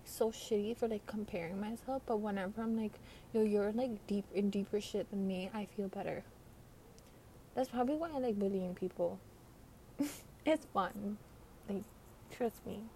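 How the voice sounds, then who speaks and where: A teenage girl with a mid-range, dark-toned voice hosts a casual late-night podcast monologue from beside a window at night. Congested by a cold, she rambles, giggles, swears and uses plenty of slang, and a faint hiss runs underneath.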